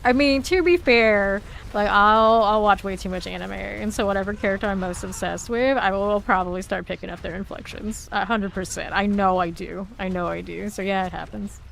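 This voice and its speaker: Gravelly-voiced woman with a light Southern drawl. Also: medium pitch, normal speed, hardly any pauses, fairly bright tone, slight background noise. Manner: chatty and self-teasing, talks to chat while playing, laughs often. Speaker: streamer. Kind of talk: casual gameplay commentary, chatting with viewers.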